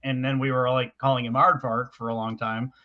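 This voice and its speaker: A man's voice: mid-range voice, flat delivery, fairly quick. A man co-hosting a podcast in casual chat, rambling and hesitant, with lots of fillers and restarts. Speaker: podcast co-host. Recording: dull lo-fi recording.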